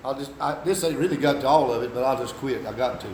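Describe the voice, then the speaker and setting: An older man preaching a sermon, swinging from shouting to hushed storytelling. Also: mid-range voice, fast, a little hiss or hum. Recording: echoey room, distant mic.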